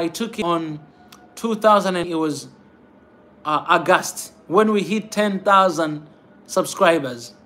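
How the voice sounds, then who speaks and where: A man's voice: high-pitched, fairly bright tone. A man hosting a pan-African channel, talking to his viewers with fervent, repetitive urging and a constant "man" at the ends of his phrases. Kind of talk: impassioned livestream talk to viewers.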